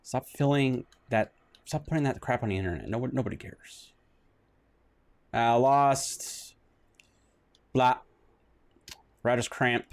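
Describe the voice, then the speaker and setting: A man's voice: medium pitch, slow pace, gravelly, pauses often. A man streaming a retro detective game, chatting casually with many restarts, reading bits aloud and joking at himself. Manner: rambling, self-mocking, with restarts and sudden exclamations. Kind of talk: casual let's-play commentary.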